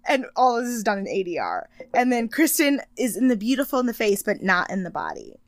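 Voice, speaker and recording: A young woman co-hosting a casual recap podcast, talking in an animated way with mocking impressions and swearing. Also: mid-range voice, a little fast, no echo. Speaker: podcast co-host.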